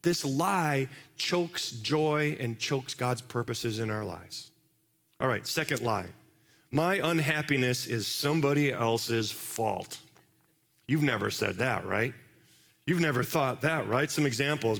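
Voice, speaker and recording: A man's voice: mid-range voice, animated, measured pace, creaky, fairly bright tone. A man preaching a sermon in a conversational way, often checking in with the congregation with questions. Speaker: pastor. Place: large church hall. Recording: long hall reverb.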